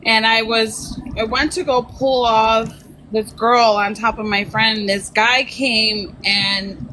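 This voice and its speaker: A woman hosting a casual live stream chat, unhurried and laughing as she tells stories. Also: fairly high pitch, flat delivery, pushed and bright, slight background noise, low-quality recording.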